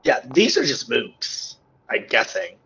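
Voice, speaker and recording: A man's voice: mid-range voice, wildly swooping pitch, slow, a bit bright. A man playing a tabletop game over a call, wry and teasing. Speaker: player. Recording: muffled online call audio.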